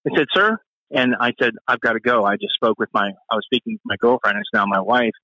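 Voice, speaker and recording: A man, a former police officer and Marine, telling a profane story in an animated way and acting out the voices he quotes. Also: fast talker, dry recording, highs cut off. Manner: profane, acts out quoted voices with sharp pitch jumps.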